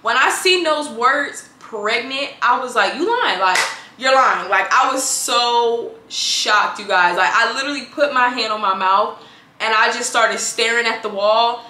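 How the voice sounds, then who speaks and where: Chatty young woman vlogger, bright voice. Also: a little high, a little slow, echoey room, slight background noise. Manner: chatty, addresses viewers as girl and y'all. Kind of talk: casual storytelling to camera.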